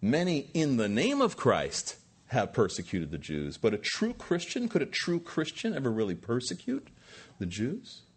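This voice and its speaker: A man's voice: medium pitch, wildly swooping pitch, moderate pace, slightly rough. A man preaching a sermon as pastor, with rising emphatic peaks and rhetorical questions to the congregation.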